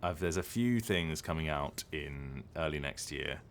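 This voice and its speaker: A voice actor chatting casually on a live stream, rambling and hesitant with lots of ums and restarts. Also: male voice, rumbling low, animated, unhurried, a little hiss or hum.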